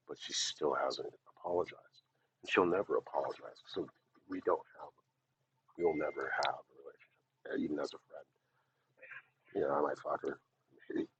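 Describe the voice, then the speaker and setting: A man with an extremely deep, rough, husky voice, rambling bluntly and swearing freely in a casual vlog rant. The recording sounds dull and lo-fi. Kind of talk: casual ranting monologue.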